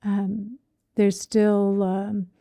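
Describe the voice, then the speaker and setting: A woman's voice: medium pitch, little pitch movement, extremely slow, warm tone, no room sound. A middle-aged woman teaching meditation in a conversational way, often acting out inner thoughts in quotes and checking in with "right?". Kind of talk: dharma talk.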